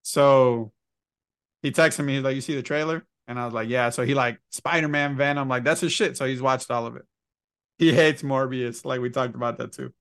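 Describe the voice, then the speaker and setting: A man in casual podcast chat with a smooth, resonant voice. He is relaxed and laughs easily while he retells conversations. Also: medium pitch, moderate pace. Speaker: podcast co-host.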